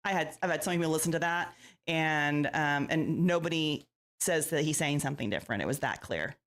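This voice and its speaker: A woman who investigates ghosts, a guest on an interview show, telling her stories in a lively way and acting out the lines people said. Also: sits low, fairly quick. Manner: lively storyteller who acts out quoted lines. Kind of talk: casual interview storytelling.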